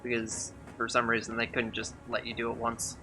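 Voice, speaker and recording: A man's voice: medium pitch, completely flat delivery, brisk, bright, forceful tone, faint music behind. A man giving casual gameplay commentary during a speedrun, chatty, sarcastic and rambling.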